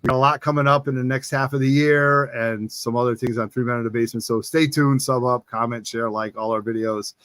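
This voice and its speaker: Male host, mid-pitched voice, excitable and repetitive, dry close sound. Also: fairly quick, few pauses, dry recording. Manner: excitable, repeats exclamations. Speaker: show host. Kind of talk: casual live-stream chat.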